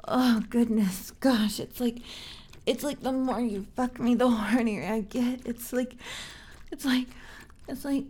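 A young woman plays a curious, tender alien in a human body in this whispered role-play. The voice sits slightly high and breathy, and she speaks slowly. She trips over her words, giggles, and stays close to the mic. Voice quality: breathy, soft. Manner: halting, repeats words, giggly.

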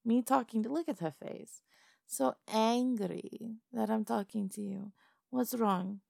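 Woman doing a purring snooty fish-lady madam, gravelly n low, role-play audio. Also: moderate pace, dry recording, clean studio sound, exaggerated voice. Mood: mocking. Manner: sultry, condescending, purring. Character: haughty sea-creature madam, female, scaly and mocking.

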